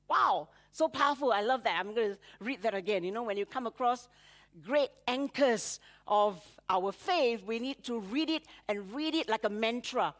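A woman pastor preaching a sermon, dramatically acting out prayers with rising emphasis and laughing between phrases. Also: sits high.

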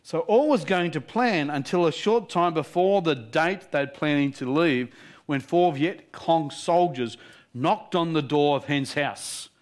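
A male preacher telling a story in a sermon, lively and animated, often laughing between lines. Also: on the high side, measured pace.

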